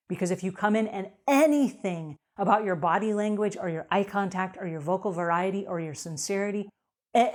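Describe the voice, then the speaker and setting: Upbeat, emphatic woman hosting an advice show. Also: medium pitch. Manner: upbeat, emphatic, acts out quotes. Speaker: host answering cleaning questions. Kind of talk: energetic advice show talk.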